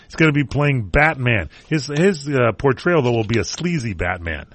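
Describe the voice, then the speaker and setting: A man's voice: mid-range voice, animated, moderate pace, a bit bright, a little hiss or hum. A man hosting a talk radio show, chatting casually and joking about entertainment news. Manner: wisecracking, rambling.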